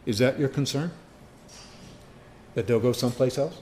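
A man preaching a sermon, firing rhetorical questions and swinging from loud emphasis to quiet asides. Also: medium pitch, moderate pace, slight background noise.

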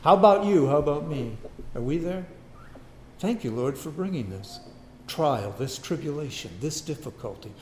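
A man's voice: mid-range voice, expressive, unhurried, a little mellow, reverberant, a little hiss or hum. A man preaching a sermon as pastor, emphatic and repeating key phrases.

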